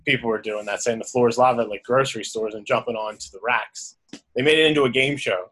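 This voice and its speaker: A man's voice: medium pitch, quick pace, fairly bright tone, breathy edge, poor audio. Laid-back man teasing his co-host. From Philadelphia area. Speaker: podcast co-host. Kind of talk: casual sports podcast chat.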